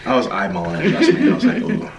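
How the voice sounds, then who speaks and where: Animated man hosting a food vlog. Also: on the high side. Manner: animated, lots of drawn-out oohs. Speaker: mukbang host. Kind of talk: casual chat while cooking and eating. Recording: roomy, distant mic, background noise.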